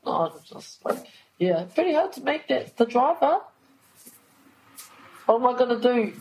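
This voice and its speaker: A woman's voice: sits high, lively intonation, moderate pace, long pauses, darkish tone, poor audio. A woman recounting events in a recorded account, emotional, swearing and acting out what people said. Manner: emotional, swears, re-enacts dialogue.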